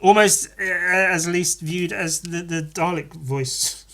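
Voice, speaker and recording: A man's voice: high-pitched, slow, a bit bright. An English man hosting a solo podcast, rambling in a sweary, sarcastic way with lots of asides. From England. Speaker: podcast host.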